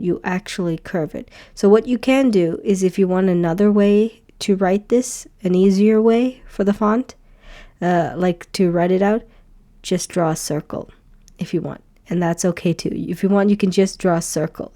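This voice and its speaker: A woman with a mellow, slightly low voice talks through a beginner lesson. She is patient and repeats each sound slowly so learners can follow. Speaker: Hebrew teacher.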